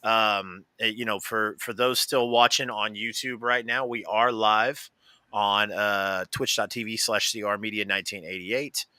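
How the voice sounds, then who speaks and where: Guy cohosting a wrestling stream, super bright sharp voice, dry close sound, lots of ums and restarts. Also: fairly low pitch, steady tone, a little slow, clear, resonant tone, no echo. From American Midwest. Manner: rambling, many fillers and restarts. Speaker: podcast co-host. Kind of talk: casual live-stream chat.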